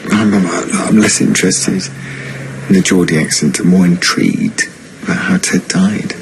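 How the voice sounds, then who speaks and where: An actor playing a dry, sardonic adult son who answers his mother with deadpan quips. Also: deep voice, moderate pace. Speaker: soap opera character. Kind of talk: television drama acting. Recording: noisy broadcast soundtrack.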